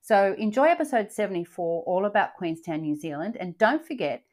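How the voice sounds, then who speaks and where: A woman's voice: mid-range voice, animated, brisk, darkish tone. An older woman hosting a travel podcast, chatting in an upbeat way with frequent fillers and restarts. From Australia. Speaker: podcast host. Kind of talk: casual travel podcast chat.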